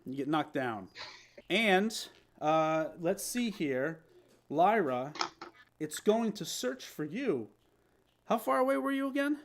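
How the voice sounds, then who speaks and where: A man narrating as guest game master of a tabletop game, animated and laughing, with halting restarts. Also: high-pitched, a little hiss or hum.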